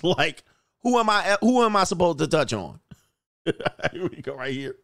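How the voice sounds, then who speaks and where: A middle-aged man with a high voice and vocal fry speaks at a measured pace in a dry, clean studio recording. Hosting a relaxed livestream, he reads chat and acts out the quotes in character, laughing often in a loose, animated manner.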